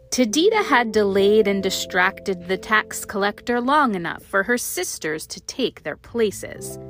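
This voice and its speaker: A woman reading a storybook aloud with a gentle, expressive manner. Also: mid-range voice. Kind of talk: storybook narration. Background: faint music.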